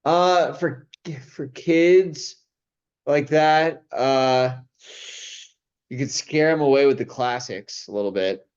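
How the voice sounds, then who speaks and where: A man's voice: mid-range voice, takes it slowly, clear, resonant tone, lo-fi sound. A young man in casual chat, rambling with many restarts and plenty of enthusiasm. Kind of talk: casual chat about old movies.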